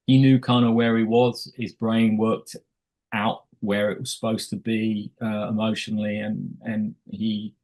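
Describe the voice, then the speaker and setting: A man's voice: on the low side, level tone, measured pace, darkish tone, low-quality recording. A middle-aged man, a film director telling stories casually in an interview, with many restarts and quoted asides.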